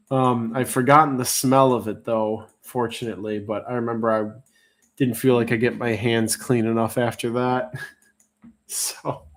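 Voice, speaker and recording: A man running a live auction stream in a relaxed, off-the-cuff way. He rambles through side stories with plenty of fillers. Between stories he reads out viewer messages and counts down the bids. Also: mid-range voice. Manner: rambling, chatty storytelling with many fillers. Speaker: livestream auction host. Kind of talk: casual livestream chat and auctioneering.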